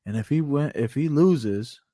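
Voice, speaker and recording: Guy cohosting a wrestling pod, hyped and cussing, mid pitch, dry close mic. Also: measured pace, no room sound. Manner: animated, swears freely, rants with playful bravado. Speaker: podcast co-host. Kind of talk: casual wrestling reaction chat.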